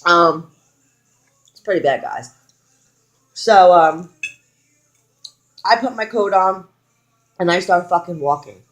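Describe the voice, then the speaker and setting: A woman's voice: fairly low pitch, slow, pauses often. A young woman tells a personal story straight to camera in a casual vlog. She speaks bluntly and swears freely. She leans into the lines she quotes. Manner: frank, heavy swearing, animated retelling with quoted lines. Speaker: vlogger.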